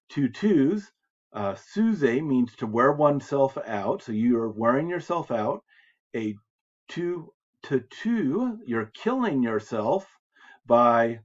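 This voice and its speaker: An American man teaching French reading, who reads French phrases aloud and then patiently explains them in English. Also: mid-range voice. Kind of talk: recorded lecture explaining translations. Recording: slightly dull lo-fi lecture audio.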